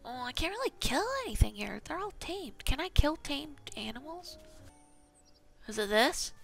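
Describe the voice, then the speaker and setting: Gravelly gal rambling over her game, kinda self-mocking, bright voice, soft music behind. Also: high-pitched, lively intonation, normal speed. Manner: chatty, self-mocking, talks to herself while playing. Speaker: gaming channel host. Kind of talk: casual gameplay commentary.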